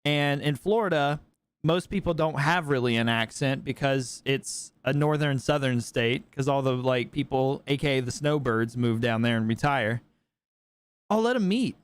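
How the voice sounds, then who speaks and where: A man's voice: mid-range voice, moderate pace, clear, resonant tone. A man hosting a casual podcast, joking and bantering with his guests. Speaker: podcast host. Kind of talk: casual chat.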